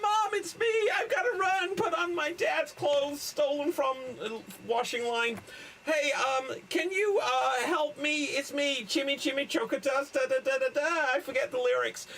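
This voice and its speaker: Give me a man playing a shrill, excited boy, loud and rushed. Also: gravelly, a little hiss or hum, heavily acted, rough recording. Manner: rushed, shouty, cartoonish. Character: excitable boy in a fast silly movie skit.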